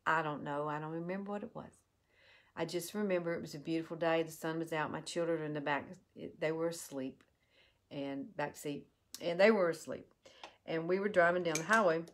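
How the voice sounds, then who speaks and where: A woman tells a heartfelt personal story while doing a makeup tutorial, in an earnest, halting way. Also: low-pitched. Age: 50s. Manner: earnest and heartfelt, with halting restarts and soft drop-offs. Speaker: beauty vlogger.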